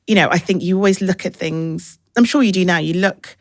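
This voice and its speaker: A woman, a podcast guest, talking candidly and reflectively, sometimes acting out others in a bright high voice. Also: fairly quick, no echo, clean studio sound. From England. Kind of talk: candid conversational interview.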